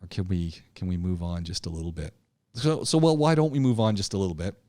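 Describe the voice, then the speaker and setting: A man teaching an online public speaking class, talking in an animated, emphatic way, often repeating himself and restarting his sentences. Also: deep voice, fast, no room sound, studio quality. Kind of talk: live online class lecture.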